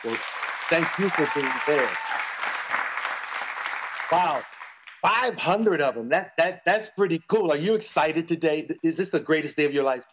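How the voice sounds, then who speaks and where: A man's voice: on the high side, animated, unhurried, long pauses, a loud crowd, very noisy. A middle-aged man, a guest on a talk show, chatting in a playful, joking way. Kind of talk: casual interview chat. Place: TV studio with live audience.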